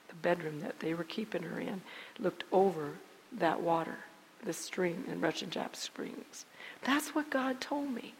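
A middle-aged woman giving an emotional church testimony, telling her story earnestly and dramatically, often restarting her sentences. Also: medium pitch. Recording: long reverb of a large hall.

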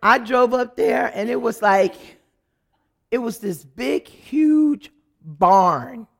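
A woman giving an animated, dramatic personal testimony, acting out the people in her story. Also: fairly high pitch, slow, gravelly.

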